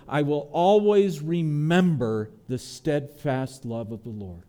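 Earnest mellow-voiced male preacher. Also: moderate pace, hardly any pauses, clear, resonant tone. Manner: earnest preaching, voice dropping low and soft then rising on prayers. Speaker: pastor. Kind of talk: sermon.

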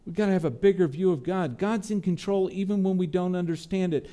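A man preaching a sermon, earnest, his voice dropping low and soft on tender lines and lifting on prayers. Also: a little fast. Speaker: pastor.

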